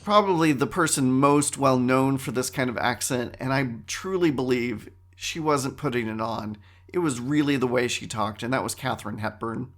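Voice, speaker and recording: A middle-aged man hosting a casual solo podcast, talking in an animated, wry way that often interrupts itself. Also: medium pitch, normal speed, hardly any pauses. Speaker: podcast host.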